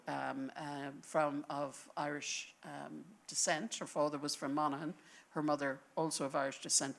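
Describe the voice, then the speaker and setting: A woman speaking on a panel, telling a history as a story in an animated, thinking-aloud way. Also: deep voice. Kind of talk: conversational panel talk. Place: lecture panel before an audience.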